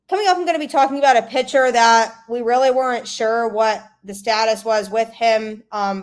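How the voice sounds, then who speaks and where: A young adult woman hosting a sports podcast, giving casual, opinionated commentary with sarcastic asides. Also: mid-range voice. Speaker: podcast host.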